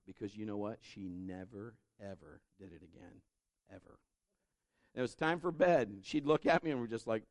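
Brief: middle-aged man preaching, animated storyteller, bright upper voice. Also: sits high, normal speed, dry recording. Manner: animated, acts out voices in his stories. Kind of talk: sermon storytelling.

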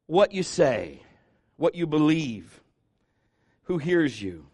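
A middle-aged pastor preaching a sermon, telling stories with animated energy and putting on the voices of the people in them. His voice sits high and swings widely in pitch. The sound is dry and close. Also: slow pace, long pauses, no echo. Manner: animated storytelling, acting out voices and cries.

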